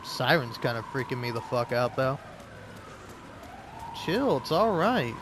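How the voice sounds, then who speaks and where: A man's voice: medium pitch, sing-song, unhurried, background noise. A man giving casual gaming commentary as a let's play host, rambling, swearing and talking back to the game.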